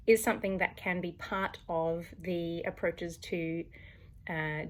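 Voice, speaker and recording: A woman, a voice coach explaining singing technique to camera and demonstrating sounds as she goes. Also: medium pitch.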